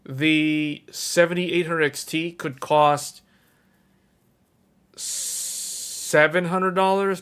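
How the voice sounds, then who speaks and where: A man's voice: on the high side, fairly bright tone. A man hosting a tech livestream, casually thinking aloud and correcting himself as he goes.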